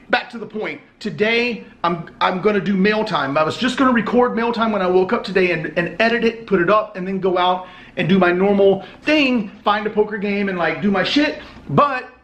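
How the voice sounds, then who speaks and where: High-voiced laid-back swearing young man. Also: fairly bright tone. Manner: laid-back, profane, rambling with many "like" fillers. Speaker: vlogger. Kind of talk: casual vlog chat. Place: outdoors, in his car and indoors at home. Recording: roomy camera audio.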